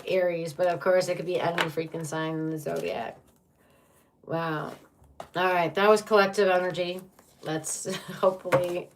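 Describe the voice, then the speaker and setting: A woman doing a tarot reading for viewers, with a fairly low voice. She talks bluntly and throws in profanity, reacting with drama to each card. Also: a little hiss or hum. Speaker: tarot reader.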